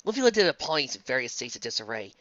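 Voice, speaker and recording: A woman reading a fan story aloud with a low but very animated voice. Her tone is bright and crisp. The recording is dry and a touch dull, like a home mic. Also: very fast, no room sound. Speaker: fan fiction reader. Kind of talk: storybook narration.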